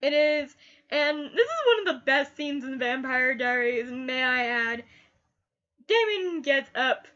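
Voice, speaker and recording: Slow bright high-voiced woman. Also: lively intonation, highs cut off. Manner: gushing, repeats last words like an echo. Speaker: TV reviewer. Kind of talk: casual spoken review.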